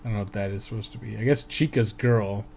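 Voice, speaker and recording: A man's voice: fairly low pitch, fast, creaky, darkish tone, slight background noise. A man streaming a video game live, reading the on-screen text aloud and swearing often.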